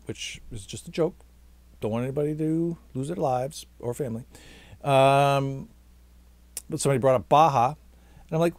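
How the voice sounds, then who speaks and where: A man's voice: mid-range voice, moderate pace, pauses often, darkish tone, no room sound. A tired man chats straight to camera in a rambling, self-mocking monologue, always about to sign off and never quite stopping. His voice sits mid-range and sounds close and dry, with no room around it. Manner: chatty, self-mocking, keeps talking past his own sign-off. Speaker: vlogger and stage actor.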